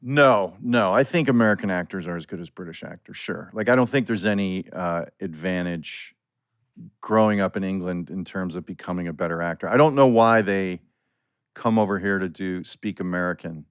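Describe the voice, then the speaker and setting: A middle-aged man, a comedic actor, talking relaxed and at length as a podcast guest. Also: deep voice, normal speed, clean tone, no room sound. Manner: relaxed, explains at length with many "like" fillers. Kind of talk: casual chat.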